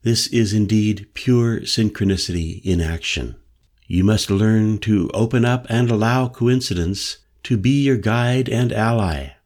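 A man reading an audiobook voices an old male mystic elder with a low, penetrating voice who lectures solemnly and insistently. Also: unhurried, a little mellow. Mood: earnest. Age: older. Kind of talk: audiobook character voice.

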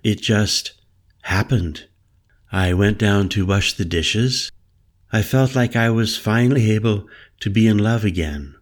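Soft-spoken mystical woman, read by a man: playful, slow, lifted a little in pitch. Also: natural voice. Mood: confiding. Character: mysterious, teasing woman shaman.

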